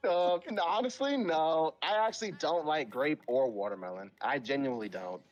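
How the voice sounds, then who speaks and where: Man, live stream chat, blunt and profane, emphatic, very lively intonation. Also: on the high side, normal speed, muffled recording. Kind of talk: casual chat.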